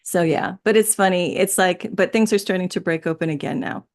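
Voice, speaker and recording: Woman, fairly low voice, rambling, laughs a lot, casual spiritual chat. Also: a little fast. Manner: rambling, laughs often, many restarts. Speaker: interview guest.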